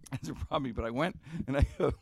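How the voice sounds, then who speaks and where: A middle-aged man from Pennsylvania, a radio host telling a story in casual chat, animated and profane and laughing often. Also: medium pitch, moderate pace, gravelly, slightly rough, no echo.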